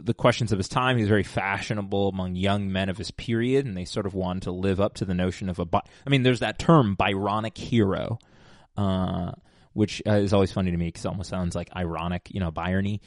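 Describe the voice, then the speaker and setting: A man's voice: lowish voice, dry recording, studio quality. A man hosting a casual rambling monologue, digressive and self-mocking, with many fillers and restarts. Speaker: podcast host.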